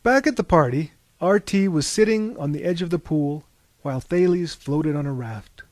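A man's voice: fairly high pitch, normal speed, dry recording. A man reading an audiobook in a wry, mock-epic storytelling tone. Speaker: audiobook narrator. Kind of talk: scripted narration.

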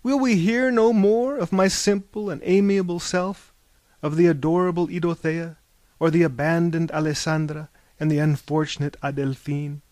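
A man reading a storybook, putting on an excitable, flowery-speaking friend who exclaims and pleads. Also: a little high, moderate pace, dry recording, close to an everyday voice. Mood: exclamatory.

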